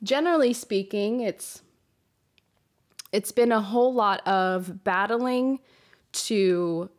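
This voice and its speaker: Speaking slowly into a hot, close microphone, a young woman podcast host offers a blunt, unfiltered confessional monologue at an everyday middle pitch. She's emotional and has a runny nose, swearing freely and frequently restarting her phrases.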